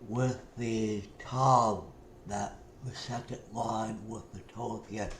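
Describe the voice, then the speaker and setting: A man's voice: fairly low pitch, steady tone, takes it slowly. A man, a student in an online class, asking a hesitant question over a video call. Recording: echoey room with faint noise.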